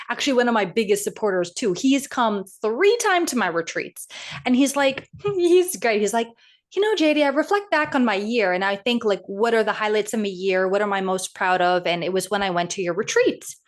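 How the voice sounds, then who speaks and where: A woman hosting a podcast and working as an intuitive coach, talking in a casual interview with eager, animated storytelling. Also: mid-range voice. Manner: animated, enthusiastic storytelling with acted quotes.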